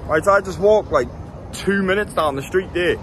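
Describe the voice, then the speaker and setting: A young man chats to his camera as he walks city streets, blunt, jokey and quick to swear. His voice sits high for a man, and traffic and street noise carry clearly behind him. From England. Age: 20s. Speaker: travel vlogger. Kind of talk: casual walking vlog.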